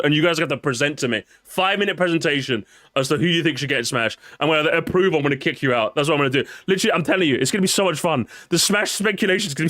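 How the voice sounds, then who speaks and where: A young man streaming casually, excitable and profane, talking straight to his chat. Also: fairly high pitch, no room sound, studio quality. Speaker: streamer reacting to a video.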